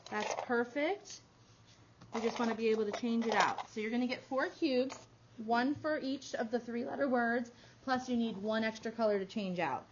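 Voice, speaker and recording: A woman teaching a small phonics group, stretching out each sound slowly and praising the children often. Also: a little high. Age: adult. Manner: slow, drawn-out sounding out of words with encouraging praise. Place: classroom. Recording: dull lo-fi classroom recording with faint noise.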